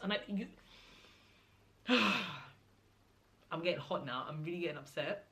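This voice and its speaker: A young Nigerian woman vlogger tells a casual story at normal speed, pausing often. She's animated, imitates the people involved, and rises into exasperated high-pitched outbursts.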